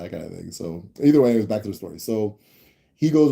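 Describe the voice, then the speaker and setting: A man hosting a live stream answers viewer questions by telling a family story in a rambling, casual way, full of restarts and tag questions. His voice is fairly low, creaky, and mellow, and he speaks briskly.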